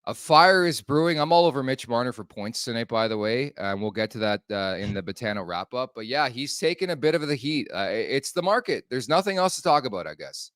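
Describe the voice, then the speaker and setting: A man hosting a hockey podcast, talking in a brisk, conversational way. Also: mid-range voice, very animated, a bit bright, clear, resonant tone, no room sound, clean studio sound. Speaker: podcast host. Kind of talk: casual hockey talk and ad read.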